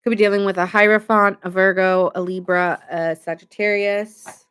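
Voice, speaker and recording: A woman's voice: medium pitch, level tone, normal speed, fairly bright tone, clear, resonant tone. Chatty woman reading tarot live. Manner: chatty, rambling, reads chat aloud. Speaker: tarot reader.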